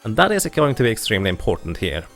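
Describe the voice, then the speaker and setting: A man giving steady, explanatory live commentary on his own speedrun. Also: on the low side, fast talker, vocal fry, faint music behind. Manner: steady explanatory, light laughs.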